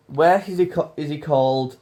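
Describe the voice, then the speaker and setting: A man's voice: on the high side, moderate pace, warm tone. A young man from England hosting a casual podcast, teasing his friend and laughing often. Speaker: podcast host. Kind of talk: casual chat.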